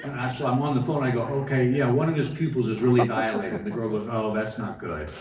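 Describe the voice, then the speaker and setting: Fast and fairly even in intonation, a middle-aged stand-up comic with a mid-range voice tells folksy stories, performing both sides of every dialogue. The setting is a large casino theater stage, recorded from far off in a roomy hall, with crowd noise and laughter.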